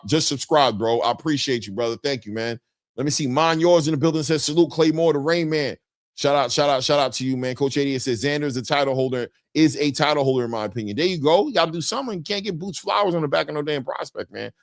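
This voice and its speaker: A man's voice: fast, no echo. A man hosting a boxing live stream in casual chat, reading viewer comments aloud and often ending his lines with "man". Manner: animated, jumps in pitch when greeting viewers. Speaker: boxing show host.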